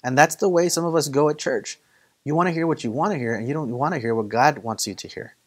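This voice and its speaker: A man's voice: on the high side, fast. A man preaching a casual Bible study, conversational and full of stories and acted quotes. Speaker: pastor leading Bible study. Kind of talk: casual sermon.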